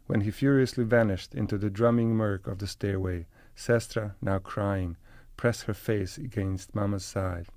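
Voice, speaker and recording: A man with a low, grounded voice reads first-person literary prose at an unhurried pace. His delivery stays measured and deliberate throughout. The sound is close and completely dry, with no room echo. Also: steady tone, a little mellow. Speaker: narrator. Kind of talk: scripted literary narration.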